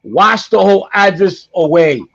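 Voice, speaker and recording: A middle-aged man telling a story on a podcast in a casual, animated way, acting out the voices of the people in it and repeating lines for emphasis. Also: sits high, a little slow, gravelly. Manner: animated, acts out quoted voices, repeats himself. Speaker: guest storyteller. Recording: dull lo-fi podcast audio.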